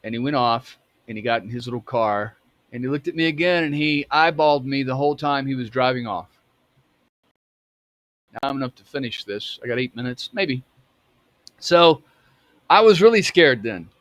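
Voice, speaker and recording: A man in his fifties telling a personal story in a halting way, with many restarts. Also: medium pitch, expressive, fairly bright tone, no echo. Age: 50s. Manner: halting, full of restarts and fillers. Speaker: storyteller recounting a memory.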